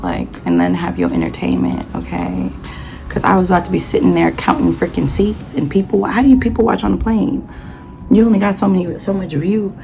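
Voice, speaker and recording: A young adult woman telling a casual travel story in a chatty, animated way, full of slang and dramatic asides. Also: mid-range voice, gravelly, poor audio. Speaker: vlogger.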